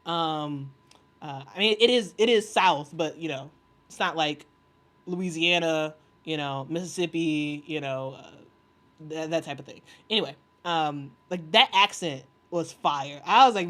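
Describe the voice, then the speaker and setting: A woman with a slightly low voice chats casually on a livestream. She reads viewer comments aloud and rambles through fillers and restarts. She laughs often and bursts into enthusiasm. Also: normal speed, a bit bright. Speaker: sports commentary host reading live chat.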